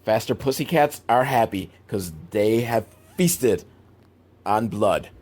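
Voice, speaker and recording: A man's voice: expressive, slow pace, darkish tone. Rambling, sarcastic young man. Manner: rambling, sarcastic, big swings in pitch. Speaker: movie reviewer. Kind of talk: comedic film recap.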